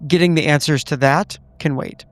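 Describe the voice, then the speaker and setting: A man playing a tabletop game, describing his character's actions deliberately. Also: fairly high pitch, steady tone, dry recording. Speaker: player. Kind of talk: casual tabletop play.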